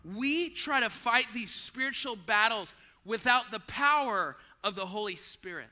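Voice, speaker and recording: This is a sermon from a male pastor whose high-pitched voice moves a little slowly. Chatty and animated, he speaks to the congregation as friends and plays out scenes from a story.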